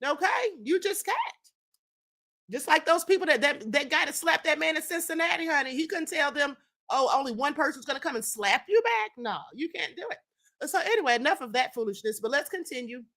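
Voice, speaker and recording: A woman's voice: high-pitched, animated, brisk, bright, forceful tone. A woman hosting a live stream, reading viewers' chat comments and chatting casually in a sassy tone, often calling her listeners "honey" and "child.".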